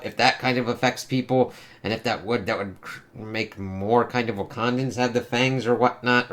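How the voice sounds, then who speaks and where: A man talks through a comic book review in a loose, rambling way. He hesitates, restarts his thoughts and swears freely. His voice sits at an ordinary middle pitch for a man. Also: fairly bright tone. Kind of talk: casual spoiler review commentary.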